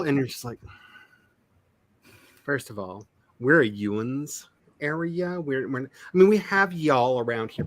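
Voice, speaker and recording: A man's voice: mid-range voice, fairly bright tone, no room sound. A man, an author hosting a casual chat, talking in long, wry digressions. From Ozarks, USA. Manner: chatty, digressive, wry asides. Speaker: author and channel host.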